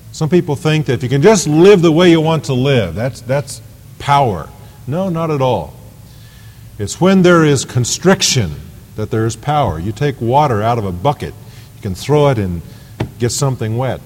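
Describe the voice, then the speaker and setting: A man's voice: mid-range voice, a little mellow. A man preaching a sermon to his congregation, pushing his voice up on key phrases. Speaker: pastor. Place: church sanctuary. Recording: hall reverb in a church.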